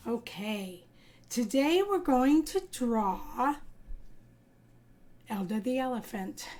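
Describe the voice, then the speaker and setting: Her voice on the higher side, a woman teaching kindergarten art leads little kids in drawing after reading them a story. The pace is slow and melodic, and she brings each character to life with animated voices.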